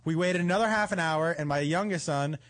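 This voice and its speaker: A man's voice: a little high, brisk. A man on a podcast telling a long, profane anecdote in casual chat, acting out the quotes. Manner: animated, profane, acts out quotes.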